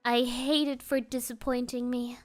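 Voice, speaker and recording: A woman's voice: fairly high pitch, little pitch movement, moderate pace, faint music behind. A woman streamer chatting casually with her viewers, playful and rambling, often laughing.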